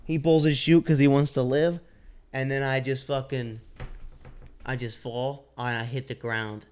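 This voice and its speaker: A man's voice: medium pitch, unhurried, clear, resonant tone. A young man co-hosting a comedy podcast, telling a story with lots of acted-out voices, sound effects and laughter. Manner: animated storytelling, acts out characters with loud sound effects and laughter. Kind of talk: casual comedic banter.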